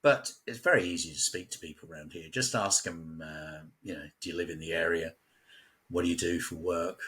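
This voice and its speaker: A deep, fairly bright voice with a breathy edge belongs to an English man from West London who speaks a little fast. As a local guest in casual conversation, he tells stories and laughs frequently.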